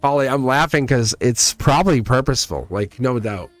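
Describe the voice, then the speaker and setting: A man's voice: mid-range voice, animated, moderate pace, dry recording, soft background music. A man doing a live-stream tarot reading, talking casually to viewers and laughing often. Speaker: tarot reader.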